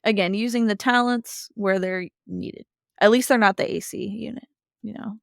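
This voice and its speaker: A woman co-hosting a podcast recaps a cartoon episode in easygoing chat, telling it with animated flair and briefly performing characters' lines. Her mid-range voice carries vocal fry at a normal speed, recorded in clean studio sound without echo.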